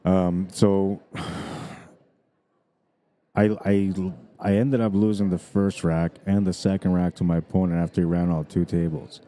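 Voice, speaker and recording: A man's voice: sits low, flat delivery, a little slow, warm tone. A man commentating a pool stream in a chatty, rambling way, his throat dried out from days of talking. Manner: rambling, chatty, many fillers. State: dry throat. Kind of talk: casual live commentary.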